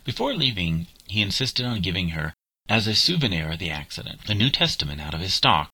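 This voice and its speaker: A man reading an audiobook chapter in a measured storytelling manner. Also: low voice, very animated, bright, forceful tone, breathy edge, low-quality recording. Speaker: narrator. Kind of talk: audiobook narration.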